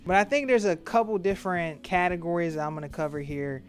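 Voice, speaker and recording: Animated man doing casual commentary. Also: sits high, fast talker, soft background music. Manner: animated, acts out quotes in voices. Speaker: commentary host.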